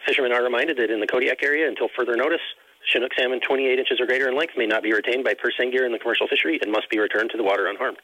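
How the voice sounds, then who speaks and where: A man reading an official fishery advisory in a brisk, formal way. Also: medium pitch, sharp tone, no echo, low-quality recording. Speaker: agency announcer.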